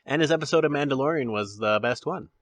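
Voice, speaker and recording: A man's voice: medium pitch, fast, no echo. A man hosting a podcast in casual chat, rambling with restarts and laughing often. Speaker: podcast host.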